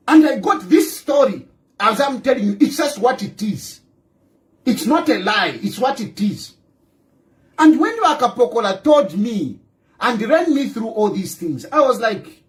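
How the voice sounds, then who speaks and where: Animated Zambian man ranting. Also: very high voice, moderate pace. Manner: emphatic, repeats phrases, fires rhetorical questions; mixes in local-language phrases. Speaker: political commentator. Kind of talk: ranting monologue.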